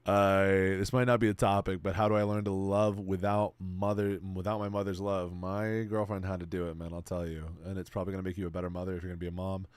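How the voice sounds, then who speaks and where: A man in his late twenties talks loosely to his stream chat, cursing often and offering relaxed, earnest advice. His voice sits low. The sound is dry and close, with no room around it. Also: quick pace, hardly any pauses, dry recording. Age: 20s. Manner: laid-back and profane, warm advice to chat. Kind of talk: casual live-stream chat.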